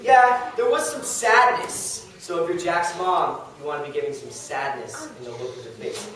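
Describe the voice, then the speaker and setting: High-voiced man teaching, echoey and distant. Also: fairly bright tone. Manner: brisk, directive. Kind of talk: classroom instruction. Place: classroom. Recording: echoey classroom from far off.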